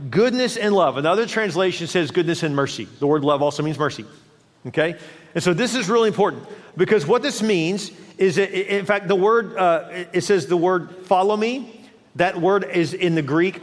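A man preaching a sermon as pastor, animated, acting out quoted voices of God and the congregation. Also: on the high side. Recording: long hall reverb.

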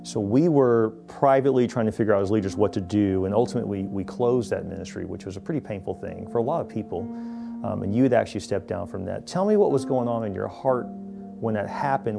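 A male pastor giving an earnest sermon to his congregation, moving from a quiet interview into rousing exhortation. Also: lowish voice, quick pace, gravelly. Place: church auditorium. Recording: large hall reverb, soft music.

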